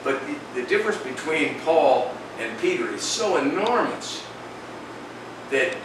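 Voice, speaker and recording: A man leads an informal Bible study, speaking conversationally and posing rhetorical questions. His voice is picked up from a distance in a very echoey room. Clear room noise sits behind him. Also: a little high, sing-song, measured pace. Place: indoor room with a group.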